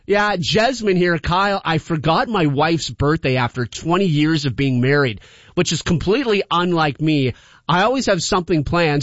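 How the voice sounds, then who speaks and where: A man's voice: a little high, a bit bright, dry recording, lo-fi sound. A man hosting a call-in radio show, chatting in a rambling way and laughing often. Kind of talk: casual call-in radio chat.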